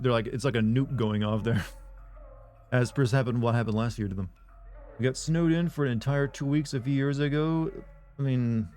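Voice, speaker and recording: A man's voice: mid-range voice, a little mellow. A man on a live game stream chatting casually with viewers, rambling and offhand, with frequent swearing and restarts.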